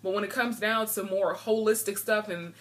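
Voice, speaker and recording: A woman's voice: medium pitch, fairly even intonation, normal speed, fairly bright tone. A woman vlogging in earnest, frank talk, a bit emotional and frustrated as she speaks. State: a little emotional. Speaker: video blogger. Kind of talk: heartfelt vlog talk.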